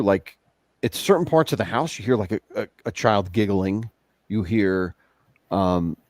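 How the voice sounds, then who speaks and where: A man with a lowish, lively voice hosts a livestream in a loose, rambling way, often restarting his sentences. The sound is dry and close. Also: no echo. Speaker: livestream host. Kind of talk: casual chat.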